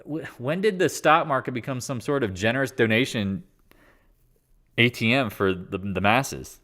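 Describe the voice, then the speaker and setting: A man's voice: mid-range voice, normal speed, fairly bright tone. A man hosting a live market stream from his living room, ranting sarcastically and mocking others in put-on voices. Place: living room home office.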